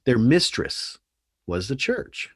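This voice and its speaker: A man telling stories in a casual podcast chat, animated and earnest. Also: medium pitch, takes it slowly, breathy edge, no room sound, studio quality.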